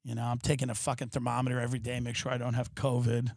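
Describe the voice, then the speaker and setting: A man's voice: medium pitch, monotone, rapid-fire, darkish tone, dry recording, clean studio sound. A man hosting a podcast, delivering an exasperated, profane comedic rant from his apartment. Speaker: podcast host. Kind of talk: ranting comedic monologue.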